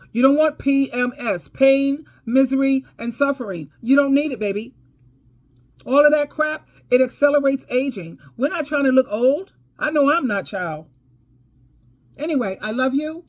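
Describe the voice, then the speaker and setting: A high, slightly mellow female voice belongs to an advice vlogger telling a casual story. She's preachy and emphatic, uses "baby" and "girl" for her listeners, laughs between points, and repeats herself for emphasis.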